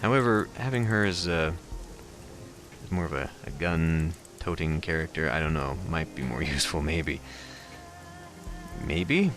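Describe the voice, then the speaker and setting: Male let's-play host, deep, unsure musing over game choices. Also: unhurried, a bit bright, soft background music. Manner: hesitant, thinking aloud with fillers. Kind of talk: game commentary and reading aloud.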